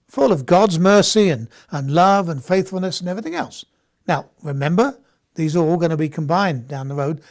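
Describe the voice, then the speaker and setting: A man giving an informal Bible lecture, talking conversationally with frequent restarts and checks of "okay?". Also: sits high. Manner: conversational, repeats words and restarts, asks "okay?". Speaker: Bible study teacher.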